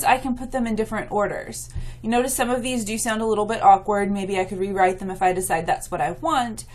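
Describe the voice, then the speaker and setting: A woman writing instructor giving a recorded lecture and patiently explaining slides to her students. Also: medium pitch. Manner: patient and explanatory, with some fillers.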